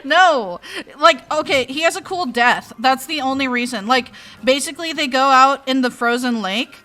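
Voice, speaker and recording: Animated high-voiced young woman streamer. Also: moderate pace. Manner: animated, exasperated, swearing. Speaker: streamer host. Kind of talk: casual stream chat. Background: faint music.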